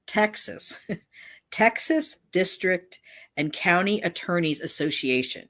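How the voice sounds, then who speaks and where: Low-voiced woman rambling through a livestream. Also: sing-song, measured pace, a bit bright. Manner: rambling, with frequent restarts and asides. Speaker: channel host. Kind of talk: casual livestream commentary.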